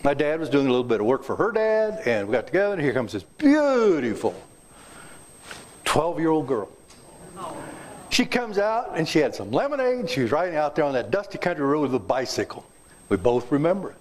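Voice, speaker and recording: Here a man in his seventies from south central Kansas speaks a little high and a little fast, very animated throughout. As a guest speaker in a club meeting room, he delivers folksy jokes and quizzes the crowd.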